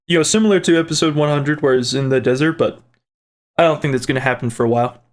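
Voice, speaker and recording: A man's voice: fairly high pitch, quick pace. A man hosting his own channel, reading viewer comments aloud and answering them in a playful, rambling way. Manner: rambling and playful, with restarts and side jokes. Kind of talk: casual chat.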